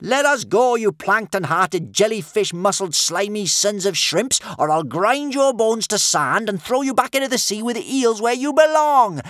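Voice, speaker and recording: A man voicing a fierce, defiant young Viking girl who shouts drawn-out insults. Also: high voice, lively intonation, dry recording, clean studio sound, pitched above the performer's own voice. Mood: furious.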